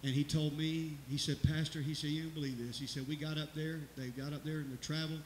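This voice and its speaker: Folksy pastor in echoey church. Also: male voice, a little high, flat delivery, brisk. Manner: folksy, rambling, preacherly, rising to loud exclamations. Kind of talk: church announcements and exhortation. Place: church sanctuary. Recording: echoey church hall with hiss.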